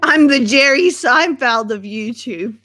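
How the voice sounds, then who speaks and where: Young woman live-streamer, slightly high voice; casual, dramatic, foul-mouthed chatter. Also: animated, a little slow, bright, forceful tone. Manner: chatty, swears freely, dramatic. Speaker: livestream host. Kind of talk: casual livestream chat.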